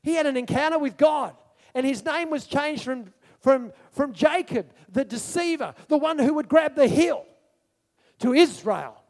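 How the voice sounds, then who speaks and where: High-voiced preacher in an echoey hall. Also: male voice, unhurried. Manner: animated storytelling, asks the congregation questions. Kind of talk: sermon.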